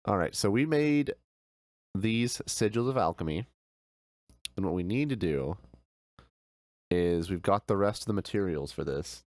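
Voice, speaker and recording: A male streamer with a fairly low voice, talking through a game in a relaxed, chatty way and answering viewers as he plays. He speaks into a close mic with a dry sound. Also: a little slow, long pauses, dry recording. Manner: easygoing, chatty, answers chat with frequent laughs. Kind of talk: casual gameplay chat.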